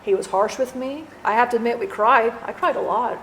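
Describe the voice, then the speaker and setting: A woman channeling a departed friend, telling her story in an earnest, halting way with many restarts. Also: fairly high pitch, fairly bright tone. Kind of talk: spiritual channeling testimony. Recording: roomy echo, faint background noise.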